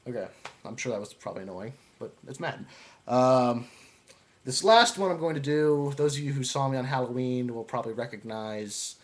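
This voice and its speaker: A young man talking casually, introducing his impressions with relaxed, chatty asides. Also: mid-range voice, normal speed. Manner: relaxed, chatty, hesitant with fillers. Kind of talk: casual video monologue.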